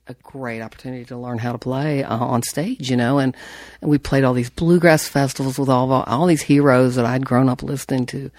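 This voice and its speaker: A woman banjo player telling stories in an interview, animated and laughing, rambling with restarts. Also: very deep voice, no echo. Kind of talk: casual storytelling.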